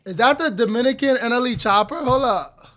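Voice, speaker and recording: A man's voice: very high voice, fairly quick. A young man streaming live, reacting to music in a hyped, slangy way. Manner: hyped, slangy, loud outbursts and laughter.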